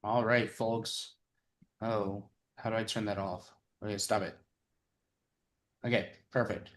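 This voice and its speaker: A man's voice: on the low side, a little slow. A man hosting an online game show, chatting casually and asking questions with fillers and restarts. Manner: relaxed, chatty, hesitant with fillers.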